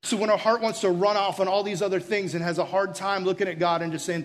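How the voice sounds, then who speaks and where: Male preacher, high bright voice, chatty storytelling sermon that turns soft and slow. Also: steady tone. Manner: casual storytelling, acts out quoted voices, drops to soft and slow near the end.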